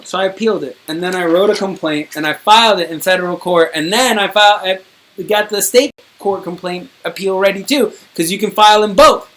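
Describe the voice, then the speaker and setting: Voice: mid-range voice, fairly quick, fairly bright tone. A streamer in a casual, rambling monologue to viewers, indignant and wordy, swearing now and then. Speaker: streamer recounting own court case.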